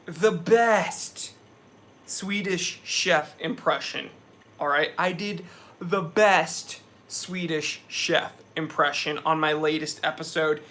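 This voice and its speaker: Energetic young man hosting a live stream. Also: high voice. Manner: energetic, reads chat messages aloud. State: sweaty after a hike. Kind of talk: casual live stream chat.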